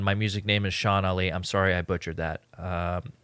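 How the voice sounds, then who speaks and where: Bright, crisp-voiced man hosting a podcast. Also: low-pitched, fairly even intonation, no echo. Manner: halting, filler-heavy, self-correcting. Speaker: podcast co-host. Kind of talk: casual podcast chat.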